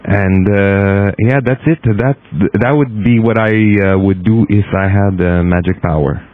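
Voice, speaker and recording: A man from Quebec with a Quebecois French accent, a native French speaker, leaving a halting, proud voicemail. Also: lowish voice. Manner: halting, many fillers, proud. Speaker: caller. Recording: tinny phone line.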